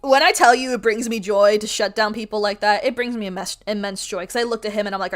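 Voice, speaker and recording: A woman streamer telling a story in a casual, animated rant, swearing freely and able to project her voice loudly. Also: medium pitch, fast, hardly any pauses. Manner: can project a loud voice. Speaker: art streamer.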